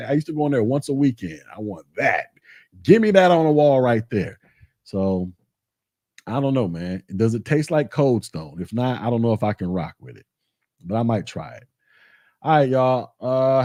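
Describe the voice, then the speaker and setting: A man hosting a casual vlog, telling stories in a colloquial way that is animated and full of repetition. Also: mid-range voice, dry recording, studio quality. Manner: animated storytelling, colloquial, repeats himself. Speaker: tech channel host.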